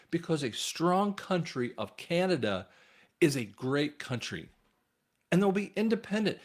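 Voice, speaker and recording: A man with a fairly high voice hosts his own channel, rambling through religious and political commentary. His emphatic delivery jumps from loud bursts to near mutters, and he addresses viewers directly as "guys."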